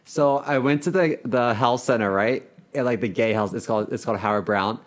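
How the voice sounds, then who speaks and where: Male podcast co-host, mid-pitched, candid storyteller, loose and filler-heavy. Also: fairly quick. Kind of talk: casual podcast chat.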